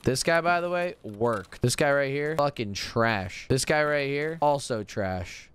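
A man streaming a shooter game, chatting casually and joking, with loud excited outbursts. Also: medium pitch, measured pace, hardly any pauses, smooth. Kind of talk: casual gameplay chat.

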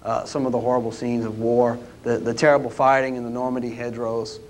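Brief: man, historian, folksy storytelling lecture, middle pitch. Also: little pitch movement, quick pace, a little hiss or hum. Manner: folksy, anecdotal, with many "uh" restarts. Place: lecture room at a history roundtable.

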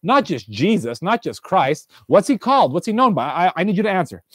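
Earnest man giving an animated devotional talk. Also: sits high, fairly quick, husky, no room sound, studio quality. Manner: earnest, animated, repeats questions and stumbles; reads viewer answers aloud from a live chat. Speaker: fireside speaker. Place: indoors room, alone.

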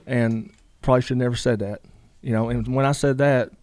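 Man, middle-aged, rambling storyteller, rapid delivery, dry close sound. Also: mid-range voice, steady tone, a little mellow, no room sound. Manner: rambling, many fillers, quotes others in dialogue. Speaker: guest. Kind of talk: casual storytelling.

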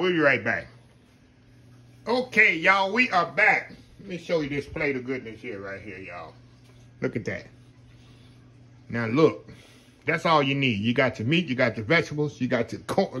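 Lively intonation marks this man's mid-range voice, which sounds pushed and bright at a normal speed. Cooking at home, the folksy home cook chats casually to his viewers, whom he calls "y'all," in a cooking video.

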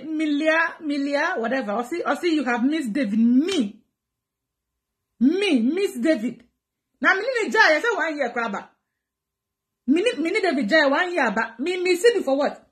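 A woman with a Ghanaian accent on a live stream, answering viewer comments in an animated, dramatic way and switching between two languages. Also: high voice.

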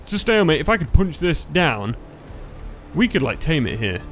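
Excitable gamer, voice going hoarse. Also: male voice, a little high, measured pace. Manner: excitable, yelling when dying in game. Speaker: gaming YouTuber. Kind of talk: let's play commentary. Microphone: close headset or desk mic, loud. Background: faint background music.

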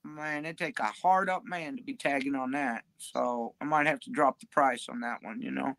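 A woman's voice: a bass voice, moderate pace, a bit bright, dry recording. A woman livestreaming, talking in a crude, profane, drawling ramble.

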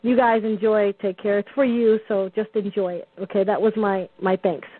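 A woman's voice: medium pitch, steady tone, moderate pace, no echo. Chatty lady calling in to a radio show, rambling story, tinny phone sound, dry. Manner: chatty, lots of ums and restarts, storytelling. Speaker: caller. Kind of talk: call-in radio talk.

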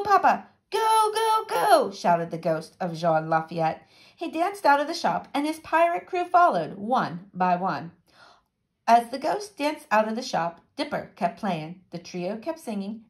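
A woman teacher reading a storybook aloud to children in a lively, child-directed way. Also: mid-range voice, unhurried.

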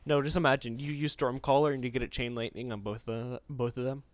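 A young man giving casual, excitable gaming commentary, pleading and yelping in bursts. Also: mid-range voice, fast, dry recording. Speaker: gamer.

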